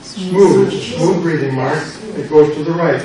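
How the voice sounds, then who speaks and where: A man's voice: a little high, normal speed, a crowd in the background. An older American man, a pastor, teaching a Greek class, quizzing students, repeating words and making playful puns. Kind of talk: classroom lesson with drills. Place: church classroom. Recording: very echoey room, mic far off, noise.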